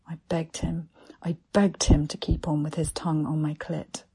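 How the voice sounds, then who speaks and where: A woman narrating an erotic story in a slow, hushed, breathy half-whisper. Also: low-pitched, level tone.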